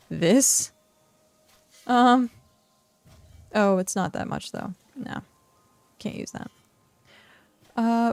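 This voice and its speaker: A woman's voice: mid-range voice, creaky, a little mellow, dry recording. A woman streaming a game, chatting casually and thinking aloud with lots of fillers and trailing sentences. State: hiccuping and yawning. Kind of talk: casual streaming chat while playing.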